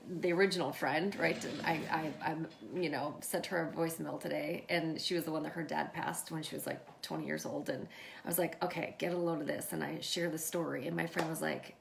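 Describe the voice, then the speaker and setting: Gravelly, low-voiced woman telling a story. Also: a little hiss or hum. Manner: animated, acts out quoted dialogue, keeps addressing viewers. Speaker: livestream host. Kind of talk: casual storytelling to viewers.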